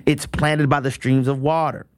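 A man's voice: mid-range voice, flat delivery, normal speed, no echo. A man preaching a sermon and fundraising appeal as host, emphatic and fervent, often repeating words for effect. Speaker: preacher and radio ministry host.

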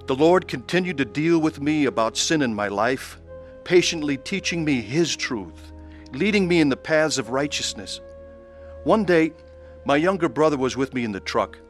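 A man earnestly narrating his own dramatized testimony in a heartfelt way. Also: mid-range voice.

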